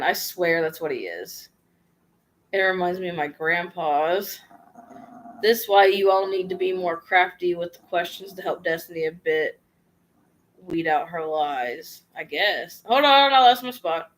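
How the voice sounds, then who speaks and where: With a bit of background noise in the clip, a woman vlogger whose voice is on the low side reads viewer questions aloud. She answers them offhand and frankly in a chatty, slangy casual livestream Q&A.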